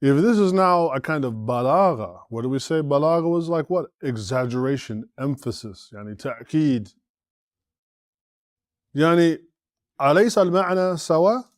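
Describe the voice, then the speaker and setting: A man's voice: fairly high pitch, animated, normal speed, no room sound, clean studio sound. A man teaching a classroom lecture, explaining step by step, often asking the class questions and checking in with "right?". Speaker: Arabic teacher and imam.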